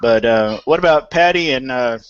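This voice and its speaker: A man's voice: medium pitch, animated, moderate pace, clear, resonant tone, dull audio. A man hosting a casual panel chat, talking in a folksy, conversational way with lots of restarts. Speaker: homesteading panel host.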